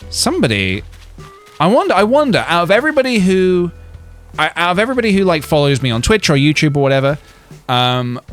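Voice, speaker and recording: A man chatting on a game stream, wandering from joke to joke as he reads out his chat. His pitch rises and falls a lot. Soft game music plays faintly underneath. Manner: rambling, joking asides, reading chat. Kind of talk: casual gaming stream chat.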